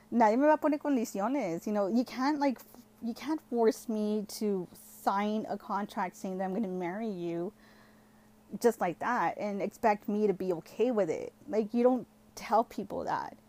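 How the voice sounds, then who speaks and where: A young woman with a medium-pitched, dark-toned voice tells a personal story at a measured pace. She's casual and chatty, using "like" heavily and switching between English and Spanish now and then.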